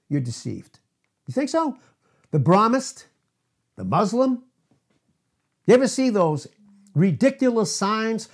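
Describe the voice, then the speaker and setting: Animated high-pitched male preacher. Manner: emphatic, repeats words, laughs between points; quoting scripture with drawn-out stress. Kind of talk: sermon.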